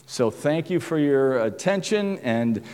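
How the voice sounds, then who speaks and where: Giving a sermon-style testimony, a man tells his story with a lively, swooping voice, chuckling and acting out the voices of the people involved. He speaks on the high side at a measured pace, with a clean tone and a long reverb like that of a big hall.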